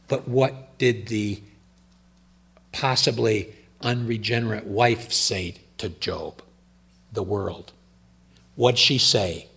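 An older man preaching a sermon, switching between loud emphatic lines and low, quiet asides. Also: slow, vocal fry, pauses often, husky.

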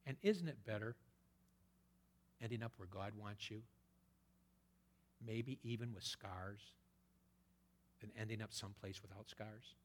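A man preaching a sermon, quoting scripture and swinging between loud emphatic peaks and hushed whispers. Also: on the low side, measured pace, long pauses. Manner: quotes scripture in old-fashioned wording.

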